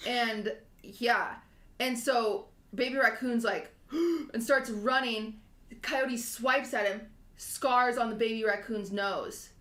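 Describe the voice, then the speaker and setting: A woman in her twenties co-hosts a podcast, telling a rambling, emotional story with frequent laughter in a casual, animated chat. Her voice is on the high side and a bit bright, with fairly even intonation and a slow pace, in an echoey room.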